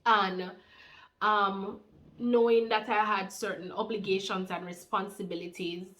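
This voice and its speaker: Jamaican woman in her thirties, medium pitch, animated testimony storyteller who drops into patois. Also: measured pace, a little hiss or hum. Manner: animated, heartfelt, mixes in patois. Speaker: faith channel co-host.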